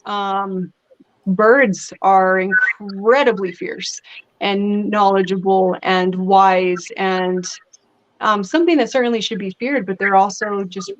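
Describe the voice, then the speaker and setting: A woman guest talking in a casual interview, chatty and lively as she tells stories. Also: mid-range voice, slow pace, muffled recording. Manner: chatty, animated storytelling with laughs. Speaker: guest actress.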